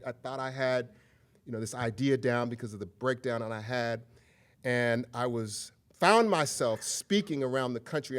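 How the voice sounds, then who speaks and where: A middle-aged man giving a public lecture, telling personal stories in a candid, conversational way. He often checks in with the audience and slips into a humorous, preacher-like rhythm. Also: mid-range voice. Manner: humorous, preacher-like cadence at times. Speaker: guest lecturer.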